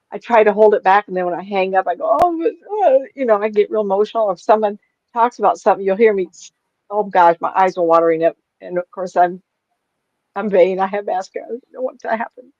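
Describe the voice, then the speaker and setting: A woman's voice: mid-range voice, a little mellow, no room sound, dull audio. A woman in her seventies, a psychic medium, chatting casually over a video call in a rambling, chuckling way. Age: 70s. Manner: rambling storyteller, chuckles often. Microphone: webcam on a video call.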